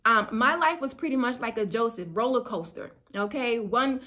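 A woman giving casual, earnest faith teaching to her viewers, chatty and slangy, her voice climbing higher as she gets excited. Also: moderate pace, few pauses. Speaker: spiritual YouTuber.

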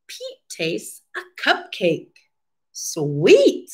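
A woman reads a picture book aloud to small children, very slowly and with a lot of pause. Her pitch swoops up and down with lively, teacherly expression. She keeps asking the listeners questions and waits for their answers. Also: low-quality recording. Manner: slow, animated, questioning children and pausing for answers. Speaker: speech therapist reading a storybook. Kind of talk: read-aloud storytime lesson for children.

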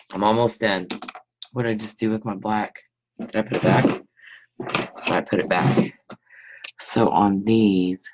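A woman's voice: a bass voice, darkish tone. A woman hosts a casual live crafting stream from her home craft room. She chats with her viewers between steps, keeping an easy, friendly running commentary. The recording is dull and lo-fi. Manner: chatty, talks to viewers while working. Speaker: scrapbooking host. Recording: dull lo-fi sound.

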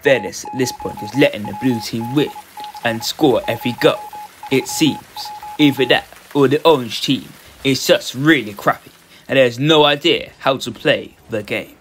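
A man voicing a stiff robotic male sports announcer, calling a video game match in a formal monotone. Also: medium pitch, moderate pace, slight background noise, close to an everyday voice. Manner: monotone, formal commentary phrasing. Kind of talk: mock sports commentary. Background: music.

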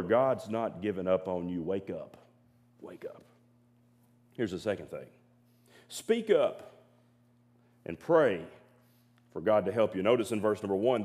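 Earnest preacher man, mid pitch. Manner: earnest, repeats words, drops to quiet emphasis. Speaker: pastor. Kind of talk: sermon. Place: church sanctuary.

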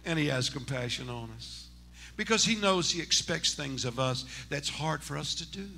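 A man, a senior pastor, preaching a Pentecostal sermon in church, dropping to hushed talk and rising to shouted exclamations. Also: fairly high pitch, animated, normal speed, gravelly. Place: church sanctuary.

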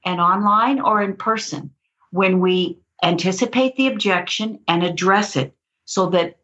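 Animated woman storyteller, lo-fi sound. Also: mid-range voice. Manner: animated storyteller, laughs often. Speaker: guest author. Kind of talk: storytelling interview. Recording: dull lo-fi audio.

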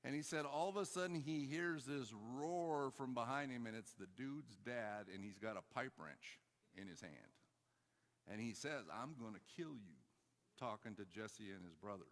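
Preacher in a reverberant church hall. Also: male voice, medium pitch, moderate pace. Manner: storytelling preacher, swings from loud exhortation to quiet asides. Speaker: pastor. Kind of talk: sermon.

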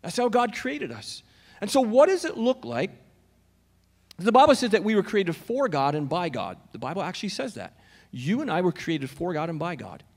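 Male pastor with a high voice, preaching conversationally to his congregation; church hall with a long reverb tail. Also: very animated, normal speed, a little mellow. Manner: conversational, questions the congregation directly. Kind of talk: sermon. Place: church auditorium.

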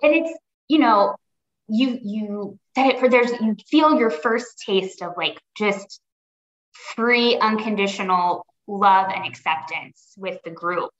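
A woman's voice: medium pitch, slow pace, a bit bright. Woman, podcast guest, earnest, reflective, restarts sentences, roomy lo-fi sound. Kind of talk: conversational interview.

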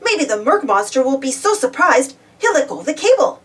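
A woman's voice: high-pitched, very animated, a little fast, recorded from a distance, voice pushed up. A woman voicing an eager young legend hunter. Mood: urgent. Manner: earnest, explaining.

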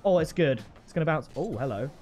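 An excitable young man talks through his own match as he plays, his slightly high voice swinging up and down in pitch. He breaks into loud shouts at big moments, over faint background music. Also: fast talker. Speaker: gaming channel host. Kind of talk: live gameplay commentary.

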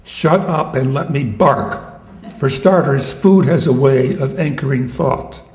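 A man's voice: mid-range voice, measured pace, darkish tone, reverberant, natural voice. A man voicing a streetwise talking dog in a poem, blunt and wry, recorded at a live poetry reading.

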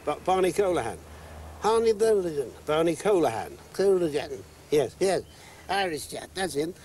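An older man with a high, wavering voice, stumbling over names as he recalls old days. Faint traffic noise behind. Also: animated, a little mellow. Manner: halting, fumbles names. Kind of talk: casual reminiscing.

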